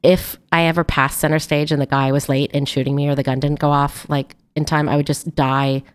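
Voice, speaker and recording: A young adult woman telling a lively story to a host in a casual chat, laughing often. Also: low-pitched, fairly quick, smooth. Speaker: guest. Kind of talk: casual anecdote.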